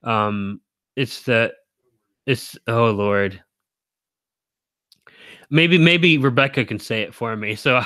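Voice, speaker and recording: A man's voice: medium pitch, sharp tone, no room sound. Rambling man chatting with viewers. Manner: rambling, self-correcting, chuckles often. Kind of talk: casual livestream chat.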